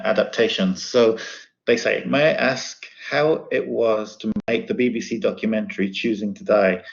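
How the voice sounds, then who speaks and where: A man interviewing a guest, asking questions hesitantly with many fillers and pauses. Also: lowish voice, lo-fi sound. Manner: hesitant, fillers and throat clearing. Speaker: interviewer, academic.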